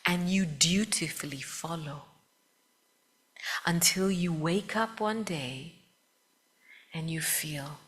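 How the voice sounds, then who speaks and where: A woman leads a meditation talk in an unhurried, measured way, her voice sitting a little low. She speaks gently, puts questions to the audience and often sinks into a soft whisper. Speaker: spiritual teacher. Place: room with a live audience.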